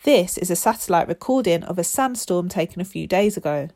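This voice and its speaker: A woman's voice: fairly low pitch, animated, brisk, a little mellow. A woman voicing an earnest female scientist who explains things in a children's story. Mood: urgent. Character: woman scientist running a control room.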